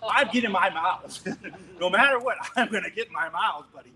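Animated, high-voiced male preacher. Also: a little fast, poor audio. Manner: animated, laughing, acting out scenes loudly. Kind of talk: storytelling sermon.

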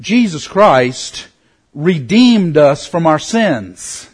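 A middle-aged man teaching a Bible study in an earnest way, slowing down to stress key words. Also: a little high, very animated, husky.

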